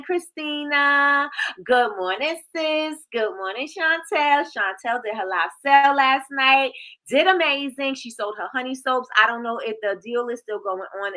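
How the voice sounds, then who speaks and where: A woman hosts a casual live stream, calling out viewers by name in a lively, sing-song way. Her voice is bright and a little high. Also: rough recording. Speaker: livestream host.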